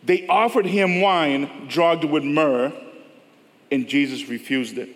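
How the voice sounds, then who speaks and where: A male pastor with a fairly high voice speaks slowly, preaching a conversational sermon to a church service and acting out the voices of the people he quotes. The recording has the long reverb of a church hall.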